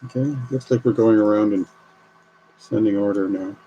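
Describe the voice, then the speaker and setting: A man talks his way through building a model kit on a live stream, musing aloud between fiddly steps. His voice is warm and mellow, with a faint hiss behind it from the home recording. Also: fairly low pitch, normal speed, dull audio. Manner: chatty, thinking aloud while working. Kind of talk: casual live stream commentary.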